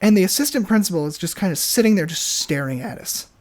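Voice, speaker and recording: A young adult man co-hosting a podcast, telling a story in an animated, casual way full of fillers and restarts. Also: high-pitched, fast talker. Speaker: podcast co-host.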